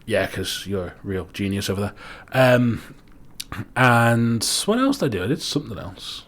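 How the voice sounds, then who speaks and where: A man's voice: on the low side, animated, normal speed. Casual swearing Manx man. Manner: swears freely, rants with rising animation. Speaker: podcast co-host. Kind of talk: casual chat.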